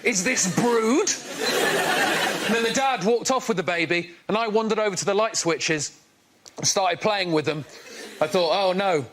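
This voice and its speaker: Man, self-deprecating comic, rambling delivery, high voice. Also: moderate pace, a bit bright, a little hiss or hum. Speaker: comedy panelist. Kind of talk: stand-up monologue. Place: TV studio before a live audience.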